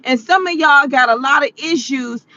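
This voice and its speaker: A woman vlogger delivering ranting commentary, animated and exclaiming, often laughing. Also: high voice, normal speed, highs cut off.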